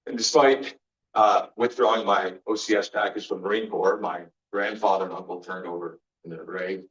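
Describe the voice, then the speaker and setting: A man's voice: low voice, fairly even intonation, moderate pace, a bit bright. A man giving an earnest faith-based motivational talk as guest speaker, telling personal stories and acting out the exchanges in them. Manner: earnest storyteller, acts out quoted exchanges. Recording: roomy, distant, dull sound.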